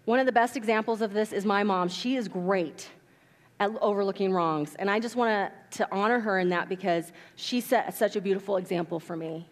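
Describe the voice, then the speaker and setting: A woman pastor preaching a sermon in a church, telling stories and acting out quotes with animated delivery. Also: mid-range voice, fairly quick. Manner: animated storytelling, acts out quotes. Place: church sanctuary. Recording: long reverb of a church hall.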